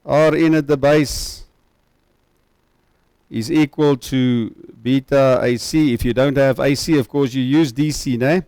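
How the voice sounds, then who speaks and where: A man's voice: steady tone, measured pace, darkish tone, clear, resonant tone, no echo, rough recording. A man giving a university electronics lecture, explaining step by step, asking students frequent check questions and tagging "ne?" onto his sentences. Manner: tag question "ne?" at ends of sentences; pitch drops low on formula endings.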